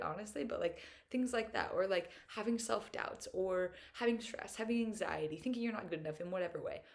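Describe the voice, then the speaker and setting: A woman's voice: medium pitch, vocal fry. Chatty, upbeat young woman. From United States. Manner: chatty and upbeat, full of "like" fillers; earnest and openly emotional at times. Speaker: vlogger. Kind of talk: casual reflective monologue.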